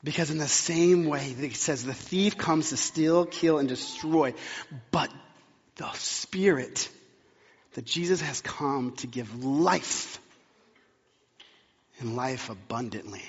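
Male pastor, conversational sermon delivery, husky tone, muffled hall recording. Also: mid-range voice, slow, long pauses. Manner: conversational, emphatic repetition. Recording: long hall reverb, dull sound.

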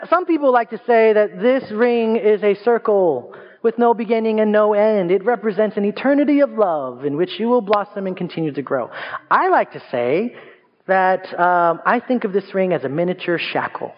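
A young adult male pastor preaching a sermon, telling stories in a lively way and pushing his voice higher for emphasis. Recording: dull sound with long reverb.

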